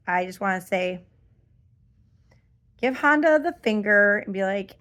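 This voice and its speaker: Middle-aged woman vlogger, slow-paced, exasperated and rambling rant. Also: mid-range voice, animated, a bit bright. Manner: exasperated, rambling with many fillers. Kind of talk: casual ranting vlog.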